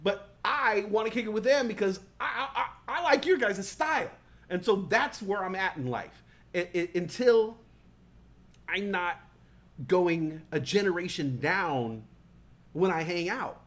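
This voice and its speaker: Profane rambling man, fairly high voice. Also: expressive, a little slow, fairly bright tone. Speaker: talk show host. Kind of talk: casual comedic storytelling.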